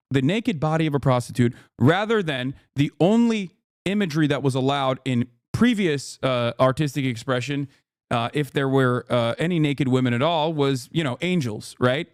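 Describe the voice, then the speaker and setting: A man's voice: mid-range voice, lively intonation, normal speed, no echo, studio quality. A man streaming reaction commentary, ranting emphatically with plenty of profanity.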